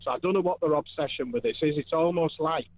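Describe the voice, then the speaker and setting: A man's voice: fairly high pitch, fast, no room sound. A man calling in to a radio phone-in, talking earnestly and emphatically as he builds his case. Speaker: caller. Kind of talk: phone-in call. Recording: tinny dry phone line.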